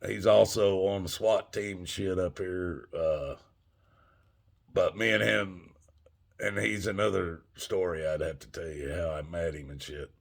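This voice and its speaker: Older guy, husky scratchy voice, rambling casual story, cussing and chatting to the folks watching. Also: deep voice, fairly even intonation, measured pace. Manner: loose, profane, talks straight to viewers as "folks". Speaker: vlogger telling a story.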